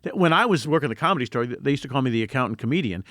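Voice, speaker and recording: An older man hosting a talk show interview, his voice lively and swinging up and down as he reminisces. He talks quickly, and the sound is dry and close to the mic. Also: mid-range voice, dry recording. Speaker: host. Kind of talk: interview chat.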